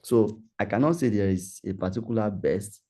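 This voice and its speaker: A man hosts an online workshop over a video call. His voice sits low and deeply mellow. He talks in a loose, conversational, repetitive way while answering questions. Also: normal speed. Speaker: workshop facilitator.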